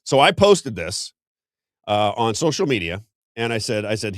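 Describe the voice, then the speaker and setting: A man's voice: fairly low pitch, animated, a little fast, dry recording, studio quality. A man hosting a political talk show, talking in a heated way with frequent stumbles and restarts. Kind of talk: political commentary.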